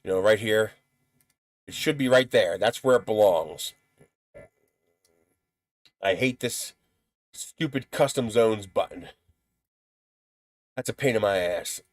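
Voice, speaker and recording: A man's voice: lowish voice, slow, pauses often, dry recording. A man hosting a live stream in casual chat, blunt and profane, who laughs at his own stories.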